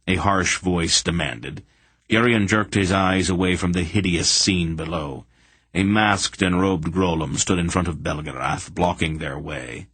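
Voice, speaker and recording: Deep, husky audiobook narrator man. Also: unhurried, a bit bright, dry recording. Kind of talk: scripted narration.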